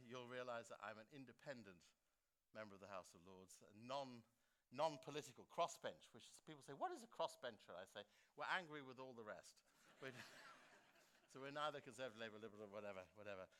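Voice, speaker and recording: An older man from England giving an anecdotal speech at a book launch, animated and laughing often as he acts out quotes. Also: medium pitch. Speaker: guest speaker at a book launch. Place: school theatre.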